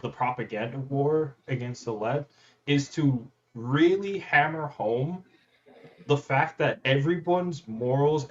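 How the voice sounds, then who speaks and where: A man's voice: mid-range voice, lo-fi sound. A man on a debate panel arguing in casual talk, teasing and swearing freely.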